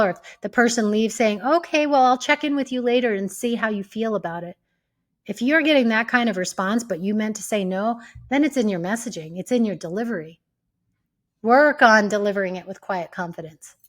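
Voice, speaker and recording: A woman hosting an advice talk, speaking in a calm, measured way and acting out sample replies. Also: medium pitch. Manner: calm, measured, acts out sample lines with shifts of tone. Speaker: host.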